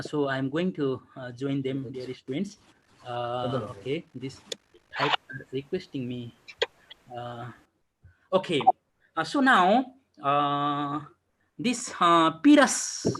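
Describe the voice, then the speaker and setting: A man's voice: fairly high pitch, a bit bright, low-quality recording. A man teaching an online English poetry class over a video call, asking and answering his own questions and repeating key words.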